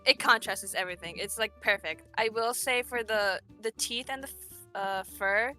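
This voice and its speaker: A woman chatting casually as a stream guest, relaxed and a little mumbly. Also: medium pitch, moderate pace, faint music behind.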